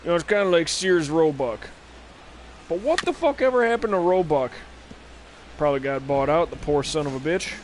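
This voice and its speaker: A man's voice: fairly high pitch, animated, moderate pace. A man rambles through a live game stream in a slightly raised voice, trading play calls for stray anecdotes. He swears freely and talks into a desk microphone at home. A faint hiss sits under his voice. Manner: rambling, profane, drifting off on tangents. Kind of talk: casual gameplay commentary.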